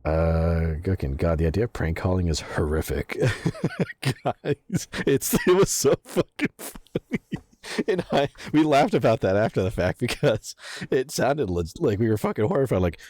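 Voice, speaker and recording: A man's voice: lowish voice, very animated, moderate pace, mellow, dry recording. A young man streaming a game, telling stories casually, swearing a lot and laughing often. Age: young adult. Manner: profane, laughing storyteller. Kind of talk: casual gaming stream chat.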